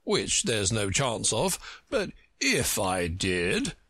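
A man voicing a pompous, touchy egg-shaped man in a storybook reading, drawling slowly and huffily. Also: lowish voice, huge pitch swings, fairly bright tone, slightly rough, no echo, studio quality, heavily acted. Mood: haughty. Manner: pompous, slow and huffy.

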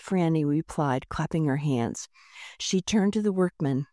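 A woman reading a children's book aloud, expressive and lively. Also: deep voice, measured pace, dry recording, clean studio sound. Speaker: storyteller.

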